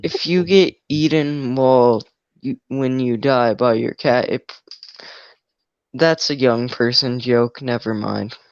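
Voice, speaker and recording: Slow deadpan young streamer guy. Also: medium pitch, smooth, no echo, dull audio. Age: teens or young adult. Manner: slow, deadpan, dark jokes. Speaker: livestream co-host. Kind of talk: casual livestream chat.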